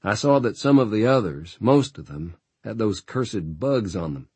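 A man's voice: on the low side, animated, normal speed, mellow, breathy edge, no echo. A man reading a weary, fatalistic frontier rider who talks in a rural drawl. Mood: grim. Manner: rural drawl, folksy grammar.

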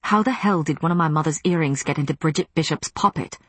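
A woman's voice: sits low, quick pace, husky, dry recording. A woman voicing an urgent, tense male vampire in an audiobook.

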